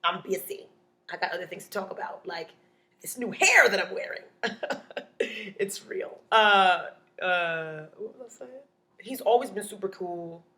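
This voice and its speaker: A woman, a comedian telling a stand-up story in a playful, animated way, acting out other people's voices. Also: mid-range voice, measured pace, pauses often.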